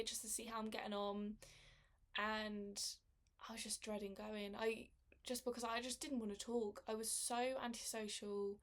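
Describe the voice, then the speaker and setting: A young woman speaking candidly about her own experience, halting and emotional, with frequent restarts. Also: mid-range voice. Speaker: person sharing her experience of living with MS. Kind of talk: candid personal testimony.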